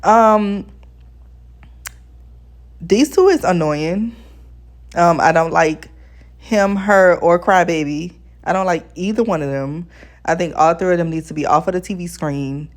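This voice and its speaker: Woman, lowish voice, blunt, ranting, casual vlog review. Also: unhurried, pauses often. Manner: addresses viewers as besties. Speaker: TV show reviewer.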